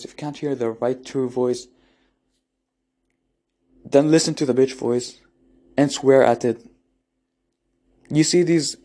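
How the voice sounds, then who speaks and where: Mellow-voiced man giving a motivational talk. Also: mid-range voice. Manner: earnest, repeats and restarts phrases, swears casually. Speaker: motivational speaker. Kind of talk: unscripted motivational monologue.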